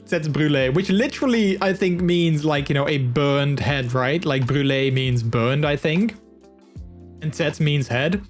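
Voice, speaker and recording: A man's voice: on the high side, measured pace, faint music behind. Chatty man streaming. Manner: chatty, laughs often, many fillers. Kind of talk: casual live-stream chat.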